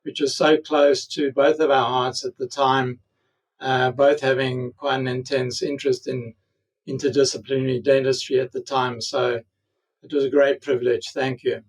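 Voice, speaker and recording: A man's voice: medium pitch, flat delivery, normal speed, breathy edge, distant mic, low-quality recording. A man with a South African accent, an orthodontist guest on a podcast, speaking reflectively with many fillers. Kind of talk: podcast interview.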